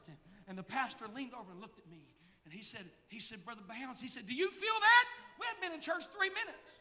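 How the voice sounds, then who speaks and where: A man in his forties preaches a sermon with a very high, piercing voice. He tells a story, dropping to a hush and then rising to a shout, and the sound rings through a large church sanctuary with a long echo. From United States. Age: 40s. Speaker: pastor.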